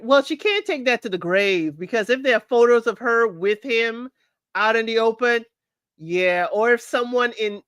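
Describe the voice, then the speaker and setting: Chatty, opinionated woman with a higher voice. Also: fairly bright tone, clear, resonant tone, dry recording, clean studio sound. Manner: chatty, opinionated, talks straight to listeners. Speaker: podcast host recapping a reality show. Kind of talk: casual recap commentary.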